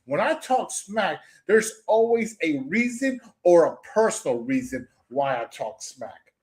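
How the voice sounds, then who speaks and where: A young man on a commentary stream, his voice sitting high and swooping all over as he rants. He trash-talks in mocking jabs, trips over his own restarts and keeps circling back to the same phrases. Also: sing-song, a little slow, darkish tone. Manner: trash-talking, repetitive, stumbling restarts, mocking "moo" noises. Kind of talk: ranting call-out commentary.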